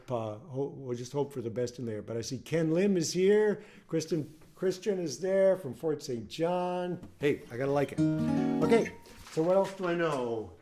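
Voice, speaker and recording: A man's voice: mid-range voice, dark tone. An older man, a singer-songwriter, chatting casually on a home livestream between songs, rambling and restarting his sentences. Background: acoustic guitar.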